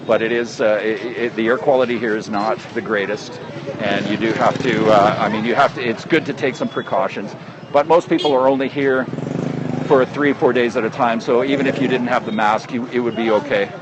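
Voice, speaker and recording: A man's voice: medium pitch, steady tone, fairly quick, dull audio. Canadian man livestreaming from a noisy street. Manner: rambling, many fillers and restarts, friendly. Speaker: travel vlogger livestreaming. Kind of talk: casual live street broadcast. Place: busy outdoor city square. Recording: street noise from traffic. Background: crowd and motorcycles.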